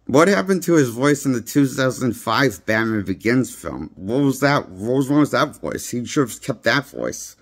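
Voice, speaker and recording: A man's voice: mid-range voice, big pitch swings, normal speed, hardly any pauses. A man giving a rambling, blunt casual movie review, recorded on a handheld phone. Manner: rambling, blunt, repeats himself. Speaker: movie critic.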